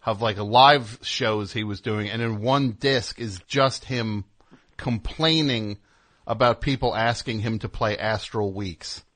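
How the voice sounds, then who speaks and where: A man hosting a comedy call-in radio show, deadpan and probing, sometimes exasperated. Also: lowish voice, takes it slowly, dry recording. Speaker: radio host.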